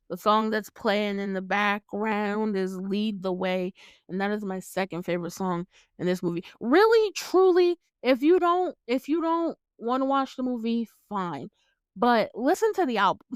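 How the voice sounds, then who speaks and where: A woman's voice: mid-range voice, clear, resonant tone, no echo, clean studio sound. A woman hosting a casual movie recap, chatty, laughing often and swearing freely as she retells scenes. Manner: chatty, laughs often, acts out the characters' lines. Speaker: podcast host recapping a movie. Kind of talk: casual chat.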